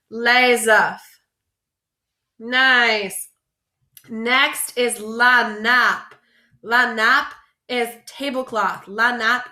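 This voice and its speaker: A woman French teacher leading a vocabulary lesson, slowly drawing out each word for students to repeat. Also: fairly high pitch, sharp tone, echoey room. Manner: slow, drawn-out modeling of words for repetition.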